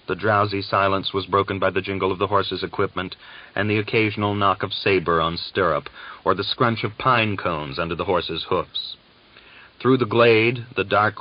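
A man narrating an audiobook in a measured, dramatic manner. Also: fairly low pitch, muffled recording.

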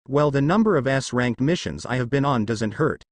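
A man's voice: medium pitch, expressive, moderate pace, no echo, natural voice. A man voicing a brash, defiant young male ninja in a fan fiction reading, with blunt delivery. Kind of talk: fan fiction read-aloud.

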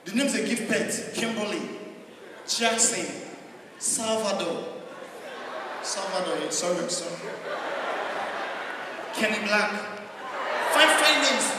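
A man with a Nigerian accent performs stand-up comedy in a live venue, his delivery animated and full of pidgin asides. His voice sits high for a man. It rings through a large echoey hall and sounds distant from the mic. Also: heavy background noise. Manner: animated, switching between singing, shouting and pidgin asides.

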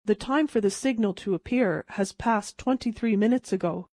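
Brief: woman voicing a reckless heartbroken young man, mock-deferential, bitter, mid pitch, dry read. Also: moderate pace, dark tone, dry recording, close to an everyday voice. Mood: hopeless. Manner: wry, mocking deference turning hopeless.

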